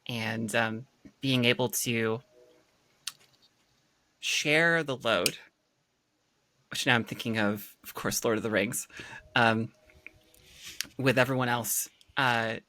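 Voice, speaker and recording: A woman's voice: extremely low pitch, flat delivery, measured pace, a bit bright. A woman co-hosting a casual podcast chat, rambling and playful, often breaking into laughs. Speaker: podcast co-host.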